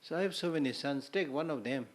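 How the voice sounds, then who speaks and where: A man's voice: on the high side, quick pace, lightly acted. Ancient old man, stubborn and pleading, voiced by a male teacher. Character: thousand-year-old father clinging to life.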